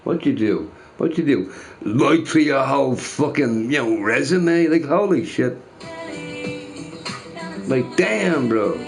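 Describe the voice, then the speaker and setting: A man's voice: medium pitch, animated, slow, gravelly, pauses often, soft background music. A man ranting casually to his chat, repeating himself emphatically. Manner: emphatic, repeats phrases, says bro a lot.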